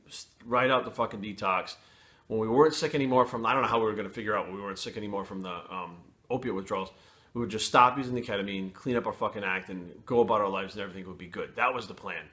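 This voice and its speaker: A man telling a personal story to camera in casual, blunt and profane talk, pausing and restarting as he goes. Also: lowish voice, sharp tone. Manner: blunt and profane, frequent swearing; candid, with pauses and restarts.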